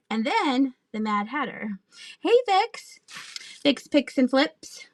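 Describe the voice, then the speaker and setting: A woman's voice: high-pitched, very animated, slow pace, no echo. A woman in her thirties chatting casually while selling items on a live stream, laughing often and talking to viewers. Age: 30s. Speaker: live auction seller.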